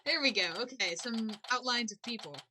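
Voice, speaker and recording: A woman's voice: a little high, a little fast, background noise. A woman playing a game and commenting casually, thinking aloud as she reads the screen. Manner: casual, thinking aloud while reading dialogue. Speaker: game player. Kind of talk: let's play commentary. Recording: game music playing underneath.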